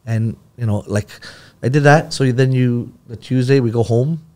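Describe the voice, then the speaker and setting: A man's voice: medium pitch, moderate pace, darkish tone. A man, a podcast guest telling a long personal story in casual talk and acting out the dialogue.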